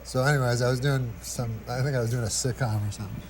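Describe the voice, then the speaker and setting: A man telling a long, rambling anecdote as a comedy guest, full of halting restarts and dry asides. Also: mid-range voice, steady tone, a little hiss or hum. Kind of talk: casual anecdote on a talk show.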